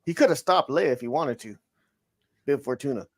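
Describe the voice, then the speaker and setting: A man's voice: medium pitch, lively intonation, normal speed, a crowd in the background. A man co-hosting a podcast, talking loosely and often restarting his sentences while he lays out a story idea. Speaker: podcast co-host. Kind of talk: casual chat.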